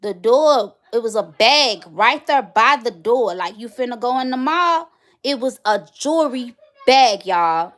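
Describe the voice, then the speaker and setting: A woman in her thirties talks to her viewers on a casual livestream in a fairly high voice. She tells stories with animated, chatty energy, as if catching up with friends. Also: unhurried. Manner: chatty, animated storytelling, addresses viewers directly. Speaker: livestream host.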